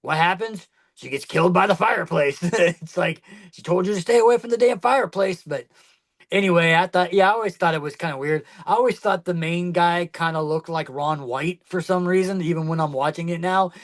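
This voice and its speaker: A man's voice: on the high side, normal speed, a bit bright. A man co-hosting a podcast, talking in casual chat that rambles with many fillers and restarts. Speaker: podcast co-host.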